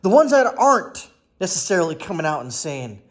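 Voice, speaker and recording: A man's voice: high-pitched, very animated, fairly quick. A man in his forties giving sarcastic casual political commentary, mocking others in whiny voices.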